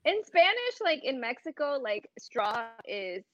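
A woman comedian guest on a podcast, blunt and quick to swear, chatting casually and laughing often. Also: high voice, big pitch swings, dry recording, lo-fi sound.

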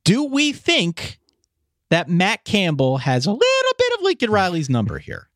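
A man's voice: sits high, brisk, no room sound, studio quality. A man co-hosting a casual sports podcast, leading the segments and making picks. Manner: animated, leads the segments. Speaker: podcast co-host.

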